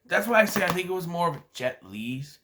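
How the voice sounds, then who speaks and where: A man's voice: sits high, very animated, a little fast, noisy background. A man casually reviewing a movie for his vlog, rambling with many restarts and acting out scenes. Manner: rambling, hesitant, many restarts and acted-out quotes.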